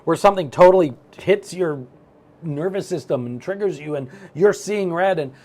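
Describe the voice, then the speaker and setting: A middle-aged man giving a motivational self-help talk, animated and storytelling as he acts out his own thoughts. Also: fairly high pitch, moderate pace.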